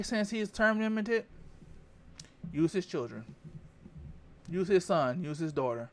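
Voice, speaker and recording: A man's voice: sits high, sing-song, slow, a little hiss or hum. Rambling man giving political commentary. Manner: rambling, repeats phrases, stops to check facts. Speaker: vlogger.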